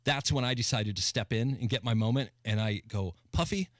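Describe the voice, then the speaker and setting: A man's voice: lowish voice, a little fast, fairly bright tone, no echo. A man guest co-hosting a radio talk show, telling anecdotes in casual chat and laughing between lines. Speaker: guest co-host. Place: radio studio.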